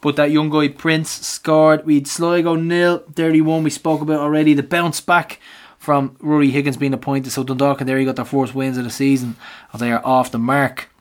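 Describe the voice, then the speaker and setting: A man's voice: on the high side, little pitch movement, normal speed. An Irish man co-hosting a casual football podcast, joking and bantering and mimicking people as he tells stories. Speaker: podcast co-host. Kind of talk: casual chat about football.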